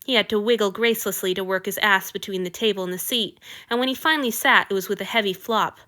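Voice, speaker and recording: A woman narrating a fan fiction story aloud in an expressive, lively way. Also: mid-range voice, fast. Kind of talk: audiobook reading of fiction.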